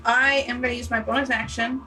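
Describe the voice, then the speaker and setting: A woman's voice: on the high side, level tone, brisk, recorded from a distance, over music. A woman player chatting casually during a tabletop game.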